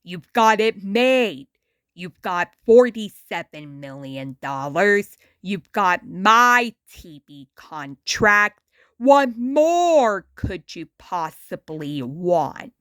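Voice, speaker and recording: A woman voicing a gruff, bossy older male cartoon fish who is a TV star, speaking lower than her own voice. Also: big pitch swings, drawn-out words, a bit bright, no room sound, studio quality, exaggerated voice.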